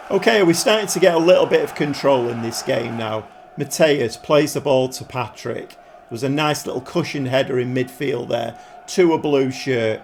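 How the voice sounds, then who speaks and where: A man commentating his football management game like a pundit, breaking into excited outbursts at the goals. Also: medium pitch, normal speed, vocal fry, a little hiss or hum. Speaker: gaming YouTuber.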